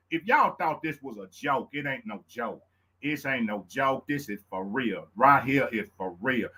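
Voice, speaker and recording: A man with a Louisiana Southern accent hosting his own live show, hyped and preacherly, repeating lines and whooping up high. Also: sing-song, moderate pace, bright, forceful tone, slightly rough. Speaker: show host. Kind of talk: excited live-stream talk.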